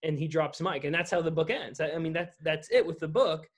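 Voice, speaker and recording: Man, slightly high voice, animated Bible-story teller in a casual panel. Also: quick pace, slightly rough. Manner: animated storyteller, paraphrasing scripture conversationally. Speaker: church leader in a podcast discussion.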